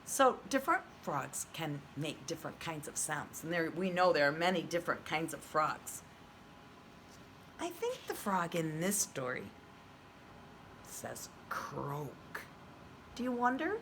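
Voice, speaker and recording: A woman's voice: low voice, sing-song, slight background noise. A woman who is a preschool teacher, reading a picture book aloud to young children and asking them questions. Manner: gentle, slow and questioning, speaking to little kids.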